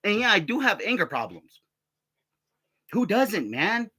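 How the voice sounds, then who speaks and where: A man's voice: sits high, very animated, unhurried, pushed and bright, husky. A middle-aged man from the United States, an army veteran, telling stories in a rambling, profane way and often stammering and laughing. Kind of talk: casual rambling monologue.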